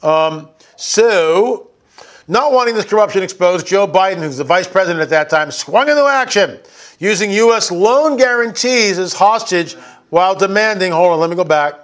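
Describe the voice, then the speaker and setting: High-voiced indignant male commentator. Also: animated, normal speed, a bit bright. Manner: indignant, ranting, emphatic. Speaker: political commentator. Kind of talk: commentary over clips.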